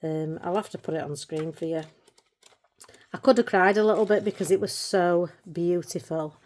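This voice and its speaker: A woman's voice: fairly low pitch, expressive, measured pace, pauses often. A middle-aged woman chatting casually about her colouring books. She gets emotional easily and laughs a lot. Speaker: colouring channel vlogger. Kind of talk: casual chat showing books.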